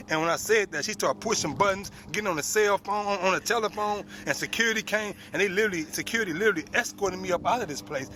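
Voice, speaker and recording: A man's voice: high voice, quick pace, hardly any pauses, bright, forceful tone, a little hiss or hum. A man in his forties telling a personal story, plain spoken and full of street slang. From United States. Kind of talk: personal story told to an audience.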